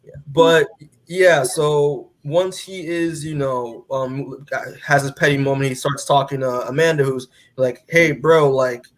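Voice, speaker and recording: A man's voice: mid-range voice, fairly even intonation, unhurried. A man casually recapping a comic book as a podcast co-host, rambling with lots of filler words and casual swearing.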